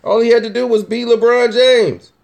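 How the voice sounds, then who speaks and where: A man's voice: very high voice, steady tone, moderate pace, gravelly. A man hosting casual opinion commentary, talking emphatically and teasingly, repeating his points. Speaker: host.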